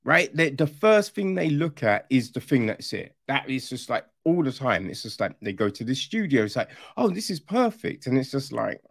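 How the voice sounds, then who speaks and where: A man's voice: medium pitch, expressive, moderate pace, vocal fry, few pauses, no room sound, clean studio sound. A man giving a casual, rambling spoken review, sarcastic and incredulous, swearing freely and checking in with "right?" as he goes. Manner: rambling with restarts and frequent "right?". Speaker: film reviewer.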